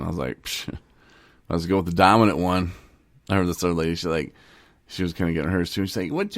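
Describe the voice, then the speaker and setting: A man's voice: sits low, quick pace, gravelly, dry recording. A man from Michigan co-hosting a podcast, joking and teasing, acting out little scenes and laughing often. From Michigan, USA. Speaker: podcast co-host. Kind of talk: joking casual chat.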